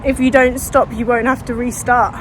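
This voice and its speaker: A woman's voice: on the high side, flat delivery, moderate pace, noisy background. A woman vlogging while running on a street, out of breath with a dry mouth, talking into a phone she holds, rambling and earnest. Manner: rambling, earnest, restarts often. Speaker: fitness vlogger. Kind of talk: casual vlog while running. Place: outdoors on a street. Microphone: phone held in hand.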